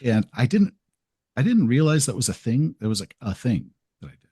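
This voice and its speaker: A man's voice: mid-range voice, very animated, brisk, dark tone, breathy edge, no echo, clean studio sound. A man being interviewed as a podcast guest, telling rambling, self-deprecating stories and acting out what he said. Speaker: podcast guest, game video creator. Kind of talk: casual interview storytelling.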